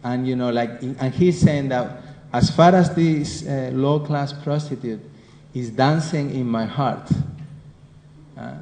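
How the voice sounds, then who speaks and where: A man's voice: mid-range voice, slow, a little mellow. Spanish-accented man teaching in an echoey hall. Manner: conversational, keeps asking the listeners questions. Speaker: scripture class teacher. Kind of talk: devotional class lecture. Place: class room with listeners. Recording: roomy hall echo with faint noise.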